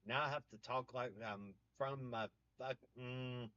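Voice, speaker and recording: This livestream host, a man from the American South, keeps things casual with jokes, puns, and greetings to viewers by name. His mid-range voice is steady and sharp-toned, at a measured pace. There's no echo on the dry, slightly muffled mic.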